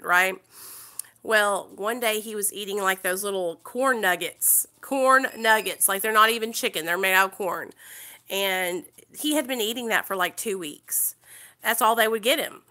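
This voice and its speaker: A woman, telling a personal story in a casual livestream and chatting with her viewers. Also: mid-range voice. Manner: chatty, animated, talks to chat viewers. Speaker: livestream host.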